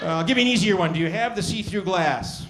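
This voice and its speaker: Loud, high-voiced comedian. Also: male voice, fast talker, very noisy. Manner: loud, profane, riffing with the audience. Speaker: stand-up comedian. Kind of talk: stand-up comedy with crowd work. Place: comedy club stage. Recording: club audience laughing loudly.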